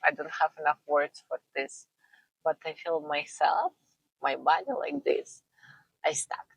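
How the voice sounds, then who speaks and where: Slow, gravelly-voiced woman, non-native English. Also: low voice, dry recording, low-quality recording. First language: not English. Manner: laughs often between phrases. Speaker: vlogger. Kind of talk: personal storytelling.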